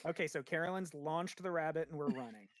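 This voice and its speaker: A man's voice: on the high side, a little fast, a bit bright, dry recording, studio quality. A man playing a tabletop game, casual and wry. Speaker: player.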